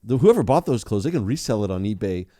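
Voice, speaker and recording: A young adult man with a lowish voice talks fast as a podcast co-host, keeping the casual conversation animated with many restarts and bursts of laughter. The audio is dry and studio quality.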